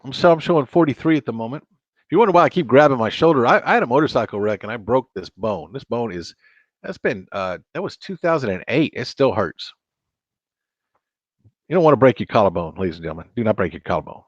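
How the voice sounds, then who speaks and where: A man's voice: mid-range voice, expressive, fast, dry recording, lo-fi sound. A man hosting a casual live stream, talking and joking straight to his viewers. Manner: chatty, joking, talks to viewers directly.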